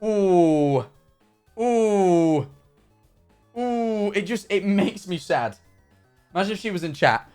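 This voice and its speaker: Male streamer, high-pitched, very lively intonation, animated swearing rant, casual chat to viewers. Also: normal speed, faint music behind. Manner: animated ranting, frequent swearing. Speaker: livestreamer.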